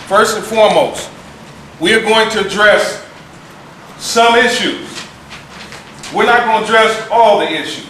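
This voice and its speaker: Man, high bright voice, emphatic organizer, echoey room, picked up from a distance. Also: measured pace, long pauses, slight background noise. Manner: emphatic, repeats key points. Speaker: meeting organizer. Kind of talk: speaking to a community meeting. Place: community meeting room.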